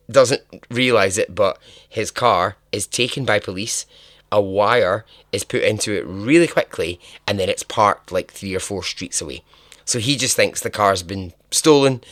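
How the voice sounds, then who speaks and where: A man's voice: lowish voice, a bit bright, no room sound, studio quality. A man hosting a podcast, telling a true-crime story in a chatty, irreverent way, with swearing and laughter at his own asides. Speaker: podcast host.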